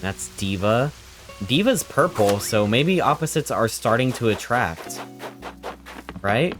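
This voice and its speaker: Male game streamer, playful and jokey chat, mid pitch, game music behind. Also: lively intonation, takes it slowly. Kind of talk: casual gameplay commentary.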